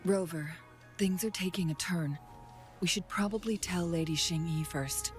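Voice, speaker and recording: A woman voicing a calm, low-voiced advisor. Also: faint music behind, natural voice. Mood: gentle. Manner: measured and quiet, sometimes near a whisper. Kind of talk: game character dialogue.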